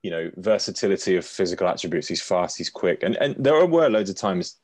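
Man, very low voice, dry close sound, hesitant casual podcast talk. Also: big pitch swings, fairly quick, darkish tone, no echo. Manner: hesitant, many restarts, sighs. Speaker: podcast host. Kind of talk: casual football podcast chat.

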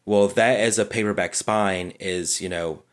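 A man co-hosting a podcast, calmly explaining book cover design in an easygoing way, with many "you know"s and restarts. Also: lowish voice, measured pace. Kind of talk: casual explanatory chat.

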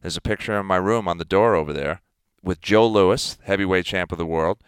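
A man in his fifties, a guest athlete, talking in a casual interview in an emphatic, animated way. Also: low-pitched, fairly quick, smooth, dry recording. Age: 50s.

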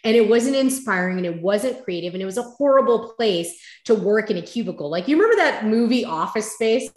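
A woman telling her career story as an interview guest, lively and acting out past conversations. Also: mid-range voice, brisk, reverberant. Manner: animated, acts out past conversations.

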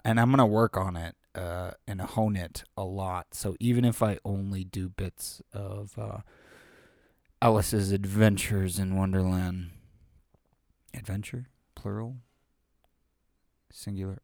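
Amateur male reader, casual chat, unhurried and rambling, dry close sound. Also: deep voice, vocal fry, a little mellow, no echo. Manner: rambling, self-deprecating, with frequent fillers. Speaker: amateur reader of children's stories. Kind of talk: casual chat after a reading.

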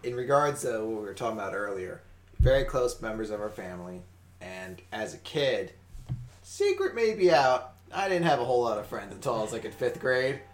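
A man's voice: mid-range voice, very animated, a little fast. Man with an echoey room sound. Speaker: podcast co-host. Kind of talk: casual chat. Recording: echoey room with faint hiss.

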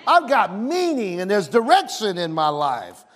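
A male pastor preaching a sermon in a church, energetically leading his congregation through call-and-response declarations and often shouting. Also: sits high, wildly swooping pitch, measured pace. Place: church sanctuary with a live congregation.

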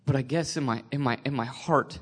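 A man sharing a personal faith testimony, emotional and tearful, halting with many restarts. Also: mid-range voice, breathy edge.

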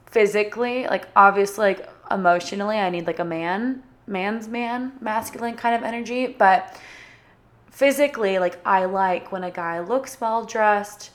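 A woman's voice: mid-range voice, normal speed. A young woman casually telling a personal story to her viewers, bubbly and chatty, with lots of "like" fillers. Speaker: vlogger.

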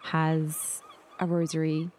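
A woman's voice: low-pitched, monotone, slow pace, darkish tone. A woman player describing her character in a tabletop game, thoughtful and laughing now and then.

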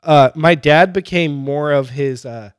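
A man telling a story in casual chat, animated and laughing often as he mimics his dad. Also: on the high side, unhurried, clean tone, no echo, studio quality.

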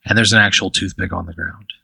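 A man's voice: low-pitched, steady tone, quick pace, creaky, bright, forceful tone, slightly rough, no room sound. A man narrating a tabletop game as game master, telling the scene in a casual, vivid way.

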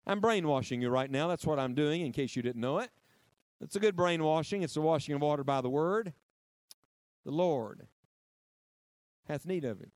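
A man's voice: fairly high pitch, a little fast, clear, resonant tone, no echo. A man preaching a sermon, emphatic and repetitive. He drives key phrases home, prompts the congregation to answer and drops playful asides.

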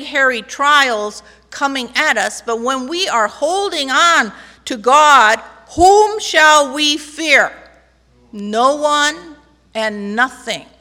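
A woman pastor preaches slowly and emphatically, drawing call-and-response from her congregation. Her voice is bright and a little high. It rings out with a long reverb through the church sanctuary. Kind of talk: sermon.

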